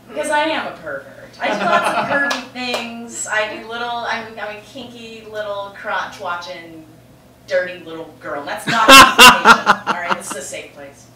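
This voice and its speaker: A woman's voice: fairly high pitch, lively intonation, measured pace, background noise. A young adult woman telling a frank personal story on stage, rambling and profane, with many "like" fillers. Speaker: open-mic storyteller. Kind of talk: confessional stand-up storytelling. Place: stage in a roomy venue with a live audience. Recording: echoey room from far off.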